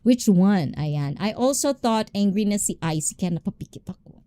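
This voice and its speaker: A woman hosting a live stream, chatting with viewers in an animated, passionate way and switching between English and Tagalog. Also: mid-range voice, normal speed, no room sound. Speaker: livestream host.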